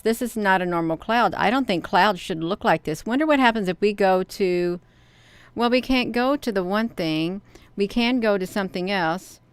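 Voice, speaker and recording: A woman hosting a casual live stream. She talks expressively and excitably, speaking straight to her viewers as she comments. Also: medium pitch, clear, resonant tone, no echo. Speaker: channel host reading live chat.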